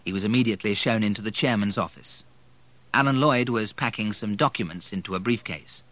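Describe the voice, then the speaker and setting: A man narrating an audiobook in a measured, even manner. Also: fairly low pitch, no echo.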